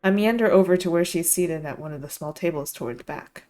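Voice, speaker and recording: A woman's voice: on the low side, fast talker, a little mellow. A young woman streamer reading a visual novel aloud, with giggly, rambling asides full of "like".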